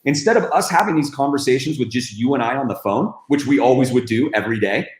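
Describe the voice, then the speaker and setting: A man's voice: mid-range voice, quick pace. A middle-aged man co-hosting a casual webinar, talking earnestly and repeating points for emphasis. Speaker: co-host. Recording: echoey room.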